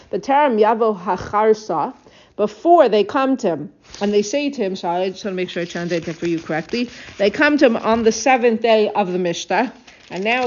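A woman teaching a text study lesson, reading verses, translating them and retelling the story with expressive asides to her listeners. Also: mid-range voice. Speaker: Bible teacher. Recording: dull lo-fi audio.

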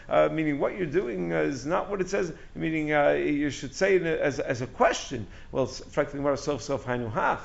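A man's voice: fairly high pitch, lively intonation, moderate pace, gravelly, few pauses. A man giving a Talmud lesson, explaining animatedly in English full of Aramaic and Hebrew terms. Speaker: Talmud teacher giving a daily class. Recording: dull lo-fi recording.

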